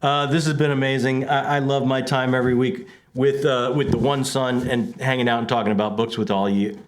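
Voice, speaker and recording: A man co-hosts a casual book chat podcast, hamming it up and playfully overselling with lots of energy. His voice is medium in pitch and a little fast, with some background noise.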